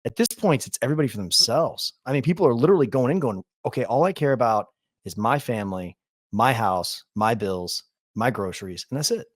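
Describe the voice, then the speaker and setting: A man's voice: medium pitch, a little fast, dry recording, clean studio sound. A man co-hosting a podcast, telling stories in casual chat. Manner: animated storyteller, mimics friends. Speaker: podcast co-host.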